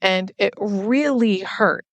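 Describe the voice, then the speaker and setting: Host woman, earnest and explanatory, vocal fry, dry close sound. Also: mid-range voice, slow pace, dry recording. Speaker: podcast host and recovery coach. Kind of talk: personal reflective monologue.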